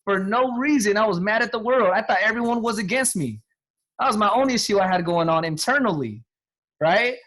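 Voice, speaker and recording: Man, 30s, high-pitched, energetic motivational storyteller. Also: brisk. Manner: energetic, repetitive, quotes people in acted voices. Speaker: guest speaker.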